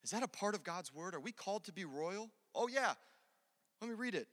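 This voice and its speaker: Impassioned young preacher in a big hall. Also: male voice, high-pitched, lively intonation, a little fast. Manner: impassioned, swings between shouting peaks and quiet asides. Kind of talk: sermon. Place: church.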